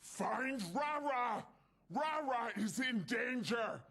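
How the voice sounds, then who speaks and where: Video game super mutant, hulking and quick to anger, broken third-person speech, high-pitched gravelly growl, husky. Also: male voice, sharp tone, exaggerated voice. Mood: earnest. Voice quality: gravelly, raspy voice. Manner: broken English, talks about himself in third person. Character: hulking angry male super mutant, short-tempered but devoted. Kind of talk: video game character dialogue.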